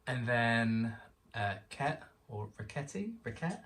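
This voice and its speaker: A young man from England telling an excited story as a guest, acting out the voices of people he quotes. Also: mid-range voice, slow, far from the mic. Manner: excitable, animated storyteller who acts out quotes. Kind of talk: casual storytelling chat.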